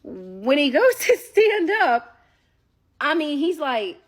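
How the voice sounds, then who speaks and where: A woman telling a story in a casual, animated way, talking straight to her listeners and swearing freely. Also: high voice, takes it slowly. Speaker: storyteller recounting a date.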